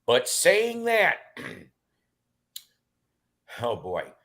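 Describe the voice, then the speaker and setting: A man's voice: on the high side, drawn-out words. A middle-aged man rambling through casual stories in a chat, with lots of fillers and restarts. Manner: rambling and animated, with many fillers.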